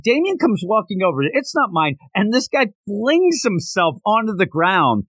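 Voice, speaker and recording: Animated man acting out manga scenes. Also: sits high, dry recording. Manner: animated, acts out character lines in quick voices. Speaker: podcast host. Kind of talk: casual chat recapping a manga chapter.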